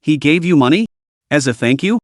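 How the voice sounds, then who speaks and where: A man's voice: on the high side, lively intonation, fairly quick, dry recording, clean studio sound, close to an everyday voice. A man voicing a young woman who is tearful and pleading, reading her in a storybook recap. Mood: upset. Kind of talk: storybook narration.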